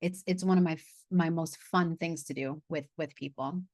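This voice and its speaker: Woman coach, lowish voice, dry sound, loose and chatty, laughs and curses mid-lesson. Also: steady tone, normal speed, darkish tone, no room sound. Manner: chatty, laughs and swears, loses her train of thought. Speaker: money coach leading a masterclass. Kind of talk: casual live online class. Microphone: video call.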